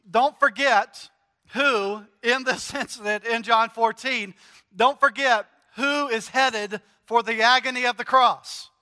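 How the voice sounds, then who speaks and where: A middle-aged man preaching a sermon in a conversational, joking way, quickly paraphrasing scripture quotes. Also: high voice, bright, forceful tone, long reverb tail. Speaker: pastor. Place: large church hall.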